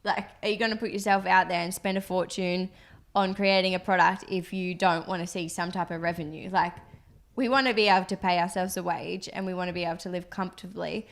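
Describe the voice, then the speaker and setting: A woman's voice: fairly low pitch, fairly even intonation, fairly quick. Chatty young woman co-host, loose and rambling, talks business with her partner. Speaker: podcast co-host, business co-founder. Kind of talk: casual chat.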